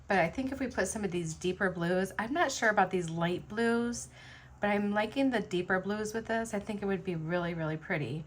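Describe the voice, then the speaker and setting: A woman vlogger talks a little fast in a mid-range voice, rambling and using plenty of fillers while she strings beads into jewelry at home.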